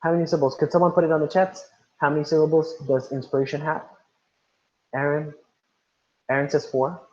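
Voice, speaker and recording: A man's voice: a little high, flat delivery, fairly quick, darkish tone. A man teaching an online class, repeating instructions and calling on students by name over a video call. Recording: roomy, dull lo-fi sound.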